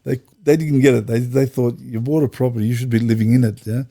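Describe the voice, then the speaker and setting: A man's voice: medium pitch, steady tone, fast talker, gravelly, mellow. A middle-aged man, telling long rambling anecdotes as an interview guest, restarting sentences and acting out quoted dialogue. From Australia. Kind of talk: casual storytelling interview.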